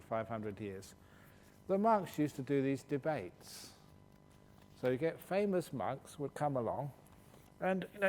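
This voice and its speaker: A man, a Buddhist monk, answering questions at a meditation retreat in a humorous, storytelling way and laughing as he goes. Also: a little mellow. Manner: humorous, laughs while telling stories. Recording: long hall reverb with faint low rumble.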